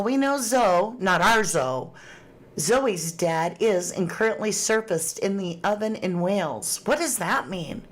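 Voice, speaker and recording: A woman hosting a casual livestream, chatting and reading viewer comments aloud with frequent laughs. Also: medium pitch. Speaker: true crime livestream host.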